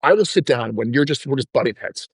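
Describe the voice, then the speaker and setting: A man's voice: mid-range voice, fast talker, slightly rough, dry recording, studio quality. A male podcast host telling stories in a casual interview chat and acting out the people he quotes. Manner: animated, acts out quoted people in his stories.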